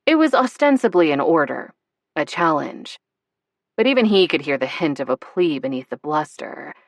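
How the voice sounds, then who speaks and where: A woman narrating a novel in a measured, expressive way. Her voice sits low, and the recording is dry and close with no room sound. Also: dry recording. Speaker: audiobook narrator. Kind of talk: scripted narration.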